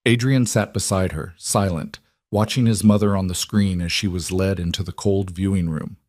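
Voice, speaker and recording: A man narrating a dramatic story in a calm, even reading voice. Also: sits low, moderate pace, no echo, clean studio sound.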